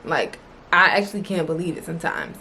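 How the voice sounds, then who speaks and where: A woman's voice: low voice, sing-song, brisk, gravelly, pushed and bright, a little hiss or hum. A young adult woman talking to camera in a casual motivational vlog, blunt and emphatic, swearing freely and repeating phrases for emphasis. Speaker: vlogger.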